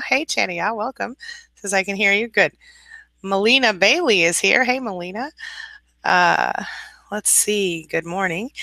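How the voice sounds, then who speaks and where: A tired woman coaching on a casual morning live stream, reading viewer comments aloud, laughing often and reassuring viewers softly. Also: medium pitch, no echo. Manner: chatty, laughs often, greets viewers warmly by name; soft, reassuring advice. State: a little tired, early morning.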